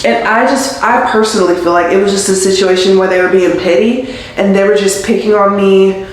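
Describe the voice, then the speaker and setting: A woman's voice: medium pitch, fairly even intonation, a little fast, a little hiss or hum. A young woman, a nurse, chatting casually in a rambling, confiding way as she does her hair at home. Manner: rambling and chatty, heavy use of "like"; confiding and emotional. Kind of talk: casual vlog chat. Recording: very echoey room.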